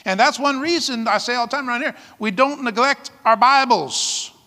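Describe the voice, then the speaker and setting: High-voiced, bright preaching man in a hall. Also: normal speed. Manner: lively preaching, frequent "amen?" calls, laughs often. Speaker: pastor. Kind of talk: sermon.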